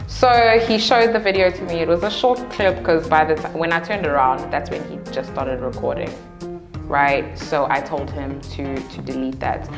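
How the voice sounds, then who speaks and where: A woman speaking calmly and matter-of-factly in a documentary interview. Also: low voice, normal speed, gravelly, over music.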